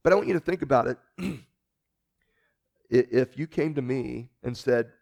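A man's voice: mid-range voice, moderate pace, vocal fry, a little mellow. A man giving a conversational sermon as pastor, earnest, often repeating words and checking in with listeners.

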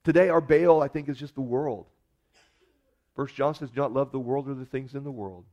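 A man preaching a sermon at an ordinary pitch, talking to the congregation with a wry, joking edge. The recording sounds dull and lo-fi. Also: fairly even intonation, moderate pace, darkish tone. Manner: conversational preaching with wry humor. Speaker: pastor.

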